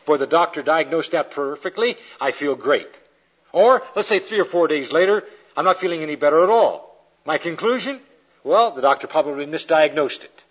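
Male preacher, fairly high husky voice, animated storyteller, dull old recording. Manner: animated storyteller acting out quoted characters. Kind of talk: lecture-style sermon with illustrations.

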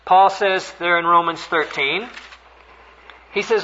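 A man's voice: high-pitched, slow pace, long pauses. Older texas preacher guy, earnest sermon storytelling, muffled old tape sound. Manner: earnest, animated storytelling with sudden rises. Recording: dull, lo-fi recording.

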